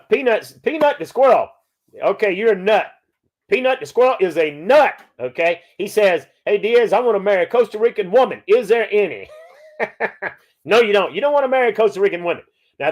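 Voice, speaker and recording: Folksy male host for a live Q&A; pitched high, swinging up and down a lot. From Louisiana. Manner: folksy, peppers talk with "okay?". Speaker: podcast host. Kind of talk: live chat answering viewer questions.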